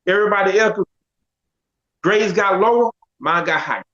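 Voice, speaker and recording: A man telling his life story with animated storytelling, casually acting out the other people's voices with slang. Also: sits high, normal speed. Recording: dull lo-fi sound.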